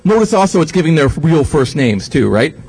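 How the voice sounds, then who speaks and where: A man's voice: a little high, brisk, breathy edge. A man giving a comic lecture to an audience, sarcastic and profane, putting on mocking voices for the people he quotes. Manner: animated, sarcastic, swears freely, quotes others in mocking voices. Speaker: speaker giving a talk.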